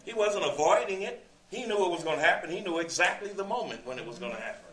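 A man's voice: high voice, animated, quick pace, fairly bright tone. A male preacher teaching a sermon verse by verse, conversational, quoting scripture and asking rhetorical questions. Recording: echoey room, distant mic.

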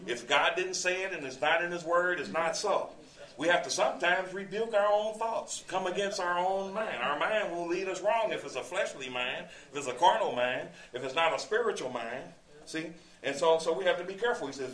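A man's voice: on the high side, a little fast, fairly bright tone. A male preacher teaching a sermon verse by verse, conversational, quoting scripture and asking rhetorical questions. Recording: echoey room, distant mic.

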